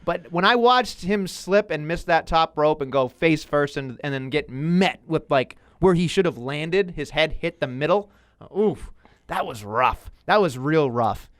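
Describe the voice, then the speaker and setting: A young man co-hosting a podcast in casual chat, animated and jokey, swearing freely. His voice is smooth and a little high. The sound is dry and close, with no room at all. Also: a little slow, dry recording. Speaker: podcast co-host.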